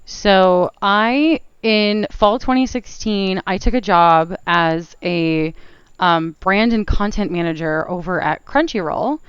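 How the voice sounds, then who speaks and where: A woman guest on an interview podcast, telling animated stories in casual chat and laughing often. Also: mid-range voice, takes it slowly, clean tone, no room sound. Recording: dull lo-fi sound.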